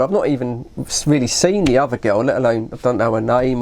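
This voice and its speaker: A woman's voice: sits low, expressive, fairly quick, hardly any pauses, darkish tone. A woman telling a long story in a casual, rambling way, often correcting herself and saying "you know". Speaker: vlogger.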